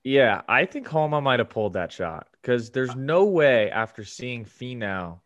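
A man co-hosting a casual sports podcast, easygoing and given to drawn-out retelling. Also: mid-range voice, very animated, muffled recording. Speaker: podcast co-host. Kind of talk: casual chat.

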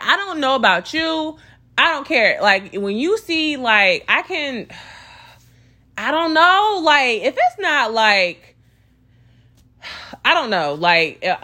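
A woman's voice: sits high, sharp tone. A young woman telling a dating story as a casual storytime rant, swearing freely and sounding exasperated, with lots of "like" and "you know".

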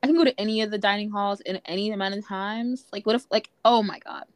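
A young woman co-hosting a podcast in casual chat, talking fast with lots of "like" fillers. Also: medium pitch, fairly even intonation, no echo. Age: young adult. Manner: chatty, many "like" fillers. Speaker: podcast co-host.

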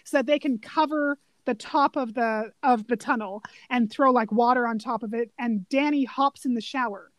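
A woman chatting casually about a favorite movie, animated and laughing often as she quotes lines. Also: a little high, moderate pace, hardly any pauses, no room sound.

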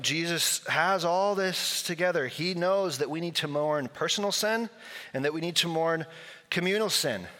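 Male pastor, conversational storyteller, bright tone, echoing church hall. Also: a little high. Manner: conversational, storytelling with acted quotes. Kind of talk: sermon. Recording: long hall reverb.

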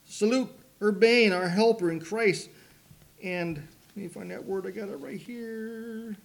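A man preaching a sermon, mixing folksy rambling stories with slow, emphatic preaching. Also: high voice, creaky, a little hiss or hum. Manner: folksy, rambling storytelling with asides and laughs. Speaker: pastor.

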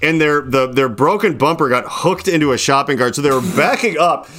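A man hosting a podcast, telling a rambling, profane story in casual chat and loudly acting out the people in it. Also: on the high side, brisk. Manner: animated, profane, acts out quoted people in loud bursts. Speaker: podcast host. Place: indoors, podcast recording.

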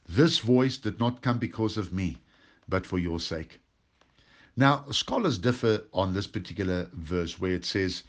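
Male pastor, lowish voice, preaching a Bible study, slow emphatic stresses on key words.

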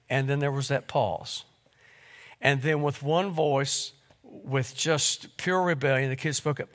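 A middle-aged man preaching a sermon, telling stories with repeated words and pauses. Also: mid-range voice. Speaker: pastor. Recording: long hall reverb.

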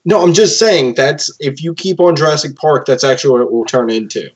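A man's voice: fairly high pitch, a little fast, breathy edge. A man in casual podcast chat who insists on his point and tells a comic bit. The sound is dull and lo-fi. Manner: insistent, storytelling. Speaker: podcast co-host.

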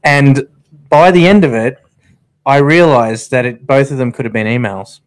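An Australian man co-hosting a casual chat, delivering dry, deadpan jokes. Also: mid-range voice, moderate pace. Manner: dry, deadpan trash talk. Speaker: co-host.

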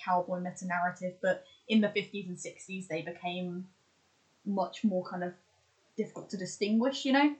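A woman with a lowish, darkish, steady voice speaks at a normal speed on a rough recording. She's a podcast co-host chatting casually, listing examples with lots of fillers and restarts.

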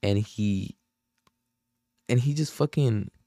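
A young man spins a long, slangy story, packed with fillers, curses and acted-out quotes. His voice sits low with a dark, mellow tone, and it is recorded dry and close with no room sound. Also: slow pace, gravelly, no echo. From Oakland, California. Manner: slangy, profane, rambling with many fillers. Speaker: podcast host. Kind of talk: casual storytelling.

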